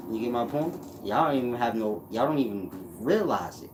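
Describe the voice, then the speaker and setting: A man's voice: mid-range voice, lively intonation, fairly quick, hardly any pauses, slight background noise. A man hosting a casual livestream, reading out chat comments and answering them in a blunt, mocking way with frequent laughs. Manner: blunt, mocking, laughs at his own jabs.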